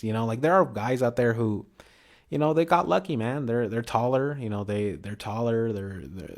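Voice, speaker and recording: A man's voice: lowish voice, darkish tone. A man vlogging in a rambling casual monologue, slangy and full of restarts and "you know".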